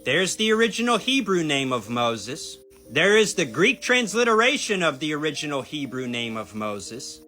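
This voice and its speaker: A man's voice: fairly high pitch, sharp tone. A man explaining a point to his viewers in an emphatic, argumentative way, talking straight to them. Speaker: video teacher on Bible topics. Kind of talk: explanatory commentary video.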